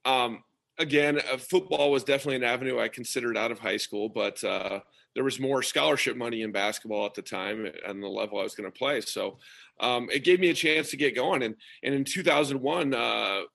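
Man, 40s, sleepy morning voice, gravelly, bright tone, relaxed. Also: mid-range voice, a little fast. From Nebraska. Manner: relaxed, easygoing, frequent ums. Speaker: guest, high school coach and former athlete. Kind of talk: casual interview storytelling. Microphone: remote call.

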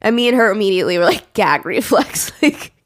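Woman podcast host, casual storytelling, jumps way up high doing other people's voices. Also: a little fast, no room sound, studio quality. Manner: animated storytelling, acts out quotes in a high voice. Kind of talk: casual chat.

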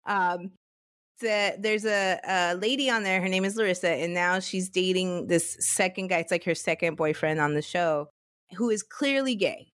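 A woman's voice: on the low side, moderate pace, a bit bright, no room sound. Woman podcast co-host, casual, laughs a lot, dry close mic. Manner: laughs often, recaps case facts. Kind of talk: casual chat and case recap.

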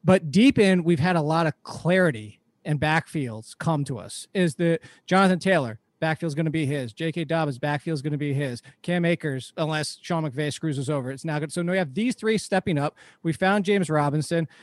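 Chatty fantasy football host, man, slightly high voice, dry close sound. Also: moderate pace, few pauses, dry recording. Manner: chatty, rambling, laughs easily. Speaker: podcast host. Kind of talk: casual fantasy football talk.

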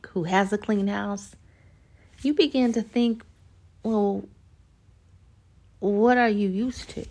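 A woman's voice: mid-range voice, gravelly. A woman hosting a podcast, talking casually and animatedly about dating and acting out little everyday scenes as she goes. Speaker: podcast host. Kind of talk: casual podcast monologue giving dating advice.

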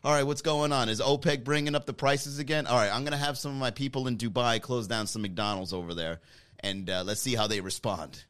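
A man voicing a cocky male fast-food clown mascot who talks in a breezy, boastful way. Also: medium pitch, steady tone, fairly bright tone, smooth, close to an everyday voice.

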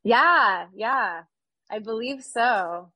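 A woman's voice: on the high side, expressive, drawn-out words, sharp tone, no room sound, low-quality recording. Chatty upbeat woman in her thirties, dry sound. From California. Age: 30s. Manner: chatty, upbeat, lots of fillers. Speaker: guest. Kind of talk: casual podcast chat.

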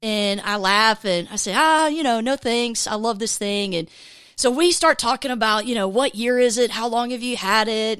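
A woman's voice: mid-range voice, smooth, no room sound. A woman hosting a faith podcast, chatting and telling stories with frequent laughter, recorded on a close mic. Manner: chatty, laughs often, animated storytelling. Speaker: podcast host.

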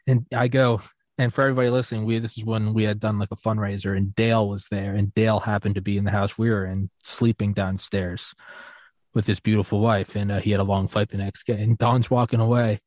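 A man's voice: on the low side, level tone, brisk, darkish tone, no room sound, clean studio sound. A man hosting a podcast, telling a rambling, profane drinking story in casual chat. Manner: rambling and profane, full of fillers and restarts. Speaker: podcast host.

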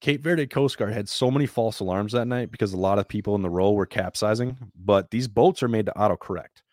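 A man telling a story in a casual, plain-spoken and animated way, sometimes swearing. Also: fairly low pitch, brisk, dry recording, studio quality.

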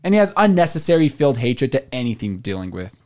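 A man co-hosting a casual fan podcast, excitable, laughing often and quoting movie lines. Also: mid-range voice, fast. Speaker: podcast co-host.

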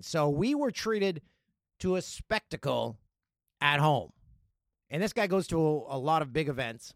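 A man hosting his own podcast, chatting casually and riffing on news stories and listener emails with a joking, animated manner. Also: on the high side, a little slow, long pauses, no room sound, studio quality. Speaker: podcast host. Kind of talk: casual solo podcast chat.

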